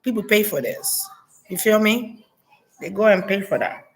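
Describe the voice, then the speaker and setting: A woman vlogging in a casual, blunt and profane monologue, talking straight to her viewers, laughing often, with lively jumps in pitch. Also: moderate pace.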